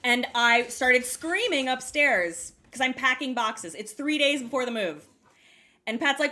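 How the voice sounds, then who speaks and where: A young woman with a high, bright voice tells a story in relaxed podcast chat. She swears freely and laughs as she goes. She acts out other people's lines with sudden leaps in pitch. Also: moderate pace. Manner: acts out quoted voices with big jumps in pitch.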